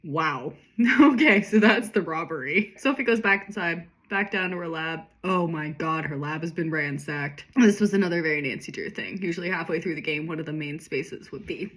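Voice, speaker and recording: A woman's voice: sits low, normal speed, few pauses, a bit bright. A young woman reading her own childhood story aloud and making amused, sarcastic comments about it.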